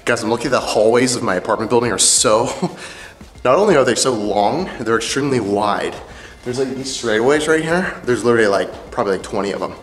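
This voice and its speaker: A man's voice: mid-range voice, brisk. A young man talking casually to camera in a rambling, chatty way, full of "like" and "um". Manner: rambling, chatty, says "like" and "um" a lot. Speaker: fitness vlogger. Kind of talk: casual vlog talk to camera. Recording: echoey room with faint background music.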